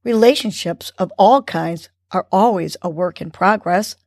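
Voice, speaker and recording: Woman host, slightly low voice, unhurried encouraging breathing instruction, dry recording. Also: dry recording. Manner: calm, slow, encouraging instruction. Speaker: host of a morning mindfulness segment. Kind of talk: guided breathing lesson for kids.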